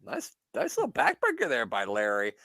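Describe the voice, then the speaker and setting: A man's voice: mid-range voice, wildly swooping pitch, moderate pace, gravelly, sharp tone, dry recording. A man co-hosting a podcast, chatting casually and joking while commenting on an old wrestling show. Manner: jokey, playful, laughs often. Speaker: podcast co-host.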